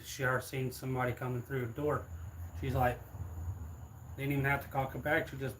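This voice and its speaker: A man's voice: mid-range voice, flat delivery, a little fast, slight background noise, rough recording. Rambling storyteller, man. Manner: rambling, loose retelling. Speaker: streamer. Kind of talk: casual storytelling.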